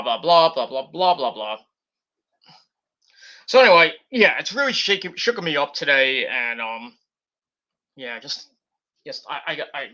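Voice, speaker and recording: A man's voice: on the high side, bright, forceful tone. A man hosting a casual review show, rambling and swearing freely and correcting himself as he goes. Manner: rambling and profane, with frequent self-corrections. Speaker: wrestling show reviewer, host. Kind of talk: casual spoken review and rant. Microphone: computer setup while recording.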